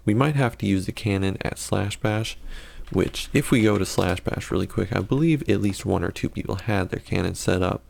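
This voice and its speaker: Man, low-pitched, gravelly, casual gameplay commentary, rambling, self-correcting, sarcastic. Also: normal speed, a little mellow.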